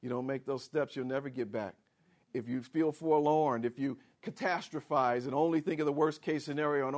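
A man preaching a sermon, swinging from loud proclamations to hushed quick asides, asking the congregation questions and acting out inner voices. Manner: swings from booming declarations to hushed, fast asides.

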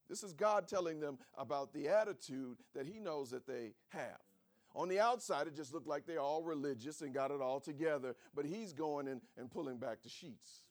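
A male pastor preaching a sermon, shifting from shouted lines to low quiet asides and laughing often.

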